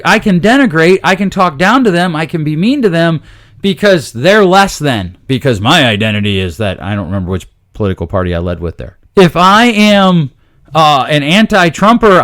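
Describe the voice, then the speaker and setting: A middle-aged man hosting a parenting podcast, talking in a casual solo monologue full of quick asides, self-corrections and dad jokes. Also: sits high, fairly bright tone. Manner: jokey, drops dad jokes.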